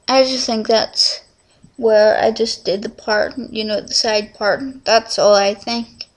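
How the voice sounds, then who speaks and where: A woman's voice: on the high side, fairly even intonation, takes it slowly. A teenage girl, rambling through a casual confessional vlog at home, full of fillers and restarts. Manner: rambling, scattered, many fillers. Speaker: vlogger.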